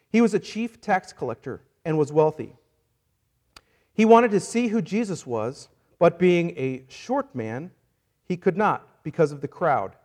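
A high-voiced pastor preaches during a church service, energetic and playful, joking around with volunteers while acting out a story from the Bible.

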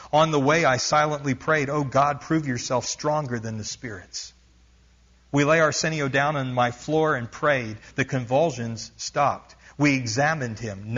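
A man's voice: medium pitch, fairly bright tone, lo-fi sound. A male preacher reading a missionary story aloud during a sermon, building intensity and stopping now and then to explain. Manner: reads aloud with rising intensity, stops to explain asides.

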